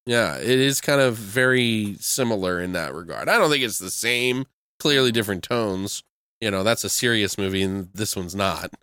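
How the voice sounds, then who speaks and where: Male movie-podcast co-host, loose and jokey, bright voice, dry close mic. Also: fairly low pitch, animated, normal speed, clear, resonant tone, no echo. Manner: laid-back, swears freely, jokes and riffs. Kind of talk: casual chat.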